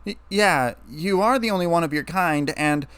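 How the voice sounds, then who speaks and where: A man's voice: on the high side, expressive, normal speed, a bit bright, clear, resonant tone, no echo. A man reading a story aloud, voicing a brash, teasing tomboyish female pegasus. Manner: teasing, boastful.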